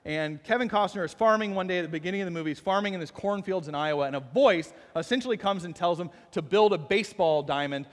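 A man's voice: sits high, fast, few pauses, big-room sound. A middle-aged man preaching a sermon, telling a movie story with self-deprecating humor and building to fervent intensity. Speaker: pastor.

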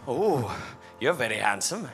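A man's voice: medium pitch, very animated, measured pace, fairly bright tone. A man playing a flustered, fawning zeppelin crewman in an improvised comedy audio drama, stammering and giggly, with music behind.

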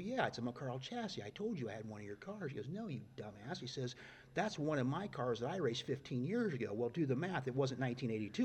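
A middle-aged man telling stories in a casual, folksy way, getting loud and excited at the punchlines. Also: mid-range voice. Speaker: guest storyteller. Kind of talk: casual storytelling.

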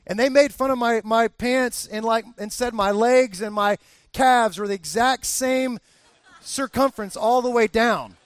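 Man, pastor, sermon, very high voice, candid and conversational, dry sound. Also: unhurried, dry recording. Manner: candid, conversational, with frequent restarts.

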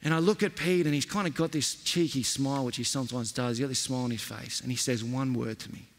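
A man's voice: mid-range voice, fairly even intonation, fast talker, big-room sound. A male pastor preaching a sermon in an earnest, emphatic way, repeating his key phrases.

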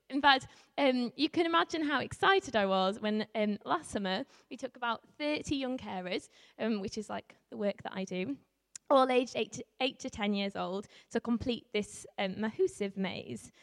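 A woman from Yorkshire without a strong accent, telling a story to a live audience as a youth worker, animated, with laughs and many ums. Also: on the high side, a little slow. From Yorkshire, England. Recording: reverberant hall.

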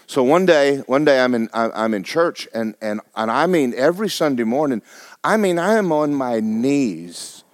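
A man, a pastor preaching and telling a story with animated bursts of loud shouting. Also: mid-range voice, moderate pace, no room sound. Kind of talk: sermon.

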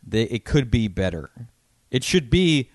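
A man's voice: medium pitch, big pitch swings, unhurried, dry recording, studio quality. A man in casual podcast chat, swearing and acting out quotes as he tells stories.

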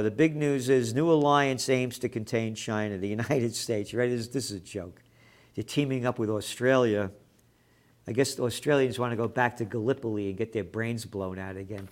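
A man of Italian heritage ranting over news headlines, sarcastic and profane, often shouting. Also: medium pitch. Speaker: commentator.

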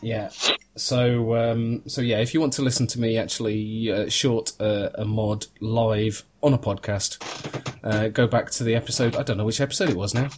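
A man's voice: on the low side, steady tone, moderate pace, darkish tone, slight background noise. A man hosting a casual podcast chat, rambling and joking with plenty of fillers and restarts over a video call. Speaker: podcast host.

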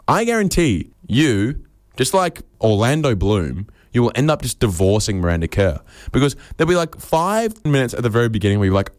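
A man giving a rambling comedic monologue with absurd deadpan claims, acting out quoted voices along the way. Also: medium pitch, normal speed, no echo, clean studio sound.

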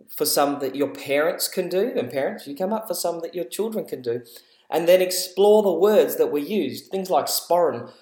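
A chatty, encouraging Australian man hosting a casual educational podcast, self-deprecating and easygoing. His voice sits a touch higher than most men's, and it carries a roomy echo. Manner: chatty, encouraging, laughs at himself.

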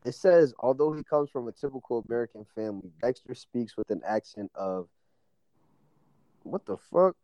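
A man's voice: mid-range voice, animated, normal speed, dark tone, no room sound, highs cut off. A man in a casual chat, laid-back, sometimes reading aloud.

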